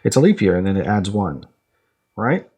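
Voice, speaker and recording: A man's voice: on the low side, big pitch swings, moderate pace, darkish tone, slightly rough. A young man co-hosting a casual podcast, talking in a rambling way full of restarts and fillers, quizzing his co-host as he explains. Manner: explains by asking his co-host quiz questions.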